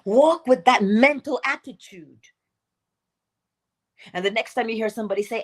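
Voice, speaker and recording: A woman hosting an inspirational morning livestream, talking in an animated, emphatic way and laughing often. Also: on the high side, normal speed, long pauses. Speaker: host.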